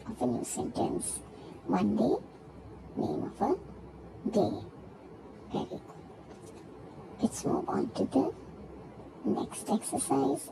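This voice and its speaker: Woman teacher talkin real slow to little kids, repeats every word, gravelly voice, bit of background noise. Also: fairly high pitch. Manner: repeats each word slowly and spells out syllables. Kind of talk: recorded grammar lesson for young children.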